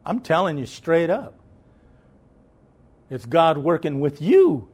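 A man preaching a sermon to his listeners. His voice sits a little high and swings widely in pitch. He stays emphatic and conversational, repeating his points. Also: big pitch swings, slow pace, darkish tone, slightly rough.

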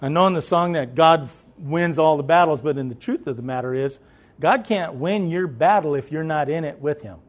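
A man's voice: on the high side, moderate pace. A middle-aged man preaching a sermon in an emphatic, repetitive, conversational way.

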